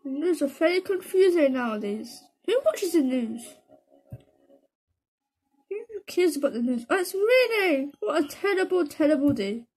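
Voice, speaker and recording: A female gaming video creator chats casually while playing, talking to herself, poking fun at herself, and dropping slang like "bro" and "man". Her high voice is sing-song and somewhat dark, at a measured pace.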